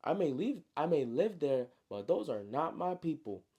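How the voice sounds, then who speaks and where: A cocky, chatty teenage knight who teases everyone he meets, put on by a man. The voice sits noticeably higher than the storyteller's own and keeps a gravelly, dark grain. Told like a friend retelling a story. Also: very animated, normal speed, full character voice. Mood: teasing. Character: brash teenage boy knight with gold hair.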